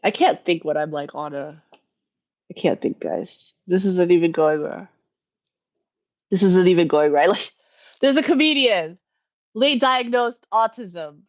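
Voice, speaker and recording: In a muffled recording, a woman with a fairly low pitch and lively intonation speaks unhurriedly, pausing often. She hosts a relaxed live Q&A from home, chatty and rambling, frequently laughing and correcting herself as she talks to her chat.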